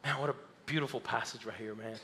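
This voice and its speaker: A man preaching a sermon as pastor, animated, acting out the crowd and dropping low and soft for scripture. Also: fast, slight background noise. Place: church sanctuary.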